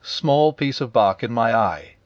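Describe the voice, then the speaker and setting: A man's voice: mid-range voice, lively intonation, measured pace, no echo, highs cut off, natural voice. A man voicing a bouncy, boastful male tiger who talks nervously.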